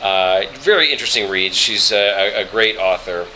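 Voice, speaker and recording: Man, voice actor, chatty interview guest, bright lowish voice, faint hiss. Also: low-quality recording. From Colorado, US. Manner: chatty, halting with many fillers and restarts. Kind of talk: relaxed interview chat, storytelling.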